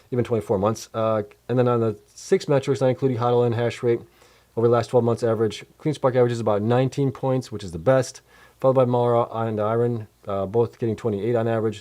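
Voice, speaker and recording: A man's voice: medium pitch, warm tone. A man hosting a casual livestream, tired and yawning, thinking aloud as he rambles through spreadsheets and answers questions. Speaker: host of a crypto mining channel.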